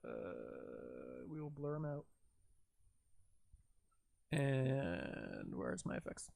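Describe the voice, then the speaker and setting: A man's voice: low voice, huge pitch swings, extremely slow, vocal fry, darkish tone. Rambling Canadian guy chatting while he edits. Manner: rambling, lots of "like" fillers, talks to himself while working. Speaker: livestreaming video editor. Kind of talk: casual livestream chat.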